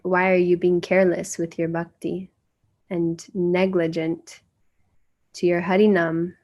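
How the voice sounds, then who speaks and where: A woman's voice: fairly low pitch, level tone, measured pace, darkish tone, highs cut off. An American woman from the United States, earnestly telling personal stories as a guest speaker and acting out the voices she quotes. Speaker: guest speaker sharing memories. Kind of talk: personal storytelling.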